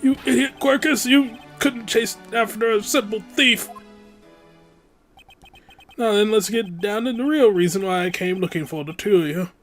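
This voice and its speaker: A smug, scheming older diplomat who speaks with silky, condescending courtesy , as a let's player puts him on. His politeness is layered over quiet game music. He sounds sure he holds all the power. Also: mid-range voice, normal speed, voice pushed up, lightly acted. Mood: scolding. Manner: smooth, condescending, overly polite. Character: pompous scheming older male ambassador. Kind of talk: let's-play voice acting of game text.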